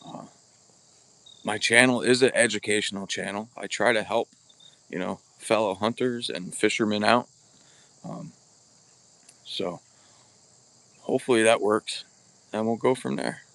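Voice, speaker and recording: A man's voice: lowish voice, fairly even intonation, a little slow, long pauses, fairly bright tone. A man hosting a casual bowhunting livestream outdoors, chatting bluntly with viewers and greeting them by name, recorded on a camera mic without a separate microphone. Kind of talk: casual live-stream chat. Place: outdoors at an archery practice spot. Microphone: camera or phone mic without external microphone.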